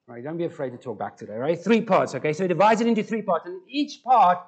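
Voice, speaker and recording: A man's voice: sits high, lively intonation, quick pace, dull audio. A man preaching a conversational sermon and putting questions to the congregation. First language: Afrikaans. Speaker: pastor.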